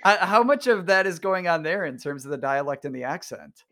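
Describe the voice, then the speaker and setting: A man's voice: a little high, expressive, brisk, a bit bright. A man hosting a podcast, an enthusiastic and playful interviewer who often restarts his sentences. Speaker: podcast host. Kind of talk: casual interview chat.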